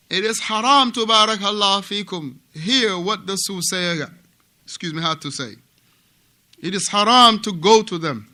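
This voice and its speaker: A man from Africa leads a class in a mosque with a high, very bright voice. He lectures in an animated way, repeating himself and checking on his students with quick questions. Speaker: mosque teacher.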